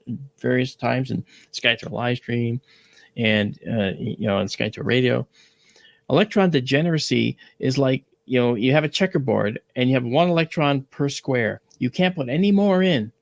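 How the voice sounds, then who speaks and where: A man with a gravelly edge to his voice talks through a science topic at an easygoing pace. He keeps checking in with his listeners and reaches for everyday analogies. The sound is close and dry. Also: mid-range voice, no room sound. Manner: explains with analogies, frequent "all right?" check-ins. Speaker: astronomy show host. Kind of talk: casual educational talk.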